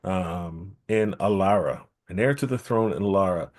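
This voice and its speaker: A man telling a traditional story at a temple gathering, lively, repeating key phrases for emphasis. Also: low-pitched, normal speed. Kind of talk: oral storytelling.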